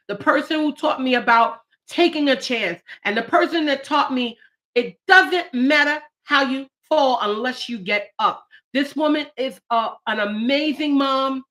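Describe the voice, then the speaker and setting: Young woman poet hosting a live stream, playful asides between poems, bright, a little high. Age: young adult. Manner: playful, talks back to herself, swings from joking to tearful. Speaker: poet and channel host.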